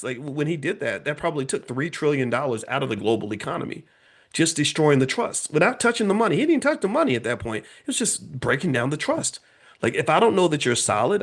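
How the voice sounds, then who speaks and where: Emphatic man giving economic commentary. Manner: emphatic, repetitive, frequent tag "right?"; animated, swinging up in pitch for emphasis. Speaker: commentator and channel host.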